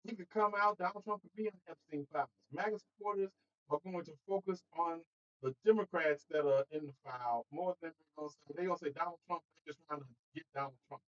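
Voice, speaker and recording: A man hosting a casual political livestream, talking straight to his viewers in an animated way and laughing between points. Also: a little high, fast, muffled recording. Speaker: host.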